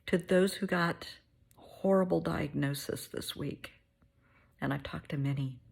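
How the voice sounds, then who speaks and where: A middle-aged woman hosting a heartfelt pep talk, soothing and motherly, sometimes dropping to a soft whisper. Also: low voice, a little slow, vocal fry, husky. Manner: soothing, motherly, calls listener honey; drops to soft whispers at times. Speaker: host.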